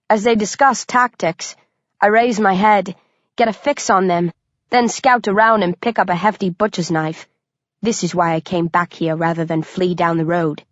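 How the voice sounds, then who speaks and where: A woman's voice: fairly low pitch, steady tone, normal speed, dry recording. Woman narrating a tense audiobook. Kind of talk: first-person audiobook narration. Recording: dry, dull lo-fi recording.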